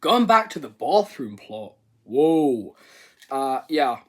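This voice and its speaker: A man's voice: medium pitch, sing-song, slow. A man giving a rambling, comedic movie review rant, swearing and exaggerating. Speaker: video reviewer.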